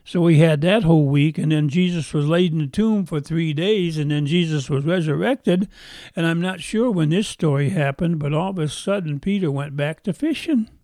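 A man's voice: a little high, normal speed, warm tone, no echo, clean studio sound. A man preaching a sermon, retelling a story in a folksy way and repeating phrases for emphasis.

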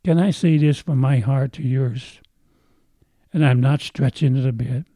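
A man's voice: mid-range voice, measured pace, mellow, no room sound. A man preaching a sermon as pastor, earnest, stretching out key phrases for emphasis.

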